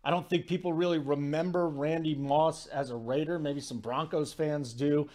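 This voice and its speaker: Man, sports talk host, forties, rambling storyteller, slightly high voice. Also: normal speed. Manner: rambling, animated storytelling with asides. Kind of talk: casual sports talk monologue.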